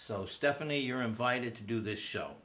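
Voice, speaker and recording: A man's voice: medium pitch, normal speed, fairly bright tone, reverberant. A man in his fifties hosting a comedy talk show from his living room, delivering a casual, self-deprecating monologue and laughing at his own jokes. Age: 50s. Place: living room with small audience.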